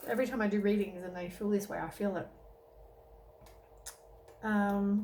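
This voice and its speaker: A woman's voice: mid-range voice, fairly even intonation, moderate pace, long pauses, dark tone, slight background noise, rough recording. A woman giving a casual tarot reading, tired and yawning, rambling with many ums and self-corrections. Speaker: tarot reader.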